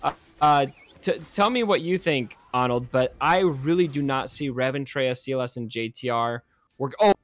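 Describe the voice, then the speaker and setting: A young man co-hosting a casual gaming chat show, reading viewer comments, chatty and excitable. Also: mid-range voice, normal speed, dry recording. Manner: chatty, excitable, laughs often. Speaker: podcast co-host.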